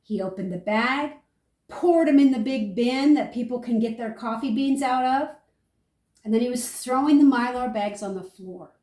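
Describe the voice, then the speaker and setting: An older woman homesteader, chatting through a food-storage demonstration and telling stories in a lively, animated way. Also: on the high side, normal speed, roomy sound, distant mic. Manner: chatty, animated storyteller, talks viewers through each step. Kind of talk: casual how-to and storytelling.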